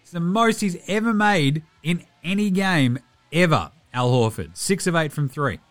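A young Australian man hosting a casual basketball podcast, rattling off stats with lively, self-mocking banter and the odd swear. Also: on the high side. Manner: animated, swearing, self-mocking, quick stat rundowns. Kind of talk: casual game recap.

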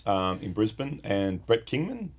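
Brief: male co-host, low husky voice, animated pitch, rambling jokey casual chat. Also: a little slow. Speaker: podcast co-host. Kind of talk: casual chat about guitar pedals.

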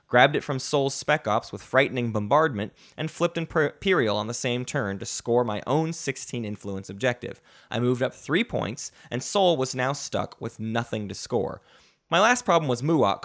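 A man hosting a podcast, recounting a board game session in dramatic storytelling style and chatting casually. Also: mid-range voice. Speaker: podcast host.

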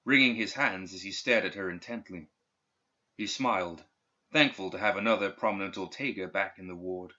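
A man reading a dark fantasy story aloud in steady, even scripted narration. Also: lowish voice. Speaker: audiobook narrator. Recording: dull lo-fi recording.

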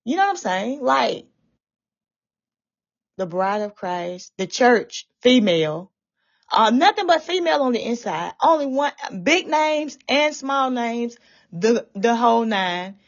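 A woman's voice: on the high side, expressive, a little slow. A woman giving a fervent, tearful religious testimony about a dream, repeating herself as she talks. The recording sounds dull and lo-fi. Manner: fervent, repetitive, often tearful. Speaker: testifying believer.

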